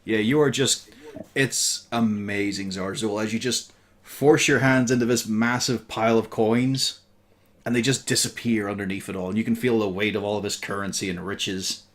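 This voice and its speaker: A man with a mid-range voice runs a tabletop game as game master. He describes scenes in a relaxed way and laughs easily.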